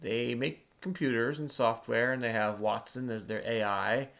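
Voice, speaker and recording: A man's voice: mid-range voice, steady tone, normal speed, creaky, fairly bright tone. A man hosting a crossword video, patiently and chattily explaining the clues to a child who does the typing. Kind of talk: casual explaining to a kid while solving.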